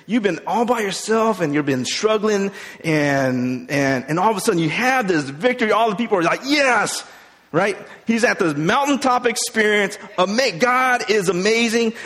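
A man's voice: high voice, animated, normal speed, fairly bright tone. A man preaching a sermon as a pastor, retelling a Bible story in a casual way with many fillers. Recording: long hall reverb.

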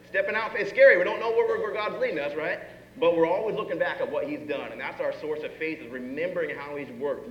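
A man preaching a sermon in a conversational way, often asking the listeners questions and acting out the people in his story. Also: a little high. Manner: conversational, with rhetorical questions and acted-out asides. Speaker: pastor. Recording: echoey hall, dull sound, faint room noise.

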